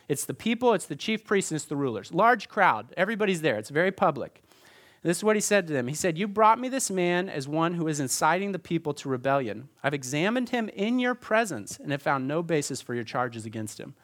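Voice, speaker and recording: A man preaching to his congregation in a slightly higher-than-usual voice. He tells the story earnestly and acts out what the crowds shouted, stepping in and out of their words. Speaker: pastor. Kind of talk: sermon.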